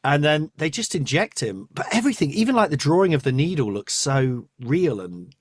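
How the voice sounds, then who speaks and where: A man's voice: a little high, very animated, moderate pace, no echo, clean studio sound. A man hosting a podcast, chatting casually, often laughing and trailing off. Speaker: podcast host. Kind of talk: casual chat.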